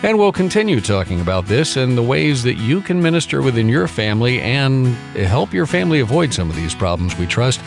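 A man hosts a radio show and wraps up a segment in a smooth, measured announcer's manner. His pitch rises and falls in a lively way. Soft guitar plays quietly behind him. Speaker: radio host.

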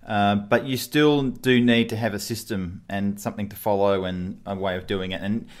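A man's voice: on the low side, steady tone, normal speed. An Australian man hosting a podcast, chatting casually over a call, laughing often and filling gaps with ums. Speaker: podcast host. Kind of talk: casual interview over Skype. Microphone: remote call recording.

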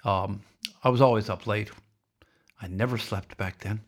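A man's voice: fairly low pitch, steady tone, normal speed. A man hosting a podcast, telling a rambling, darkly humorous story in a casual monologue. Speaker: podcast host.

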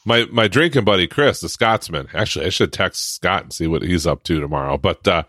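A man's voice: low voice, animated, brisk, fairly bright tone, no room sound, clean studio sound. A man co-hosting a podcast in casual chat, sarcastic and joking, laughing often as he talks. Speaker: podcast co-host.

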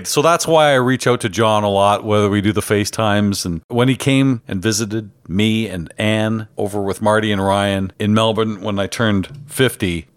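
A man in his fifties hosting a podcast interview, bantering like a stand-up comedian and laughing easily. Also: lowish voice. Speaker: podcast host.

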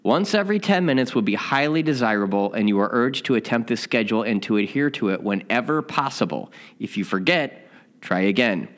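A man's voice: mid-range voice, lively intonation, a little fast, fairly bright tone. A man teaching a spiritual lesson, telling a candid story in a rambling, self-mocking way before reading the day's lesson.

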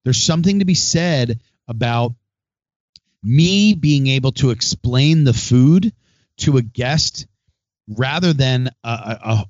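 A man's voice: mid-range voice, a little mellow, dry recording. Middle-aged male host, chatty and rambling, dry slightly dull recording. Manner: chatty, rambling, acts out phone calls. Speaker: podcast host and restaurant owner. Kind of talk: casual monologue.

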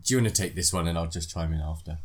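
A man with a fairly low voice co-hosting a podcast and airing his views without softening them. His talk is conversational and outspoken. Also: quick pace. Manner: blunt, opinionated. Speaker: podcast co-host. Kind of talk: casual chat.

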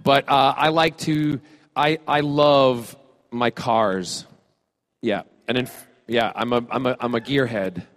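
Male panel guest from Scotland, mid-pitched, teasing and quick with a joke, stumbling over fillers as he answers fans. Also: steady tone, fairly bright tone. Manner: playful and joking, with halting fillers and restarts. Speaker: celebrity guest at a fan panel. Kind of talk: casual audience Q&A.

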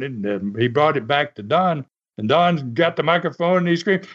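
A man's voice: on the high side, normal speed. A man, a former wrestler, telling a story in a folksy, laughing way with many fillers. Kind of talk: casual storytelling. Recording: slightly muffled recording.

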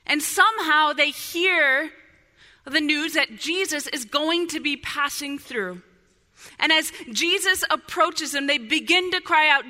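A woman's voice: high voice, lively intonation, unhurried, bright, forceful tone. A woman pastor preaching a sermon with fervor, swinging from urgent pleas down to near whispers. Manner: impassioned, rising to fervent pleas then dropping to near whispers. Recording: long hall reverb.

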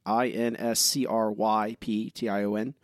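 A man's voice: lowish voice, little pitch movement, a little slow, no room sound, studio quality. A young man co-hosting a podcast, chatting casually and earnestly, often stopping and restarting his sentences. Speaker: podcast co-host. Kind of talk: casual chat.

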